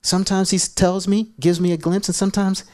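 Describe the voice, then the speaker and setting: A man preaching a sermon as pastor, telling animated, jokey stories to his church. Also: high voice, fast.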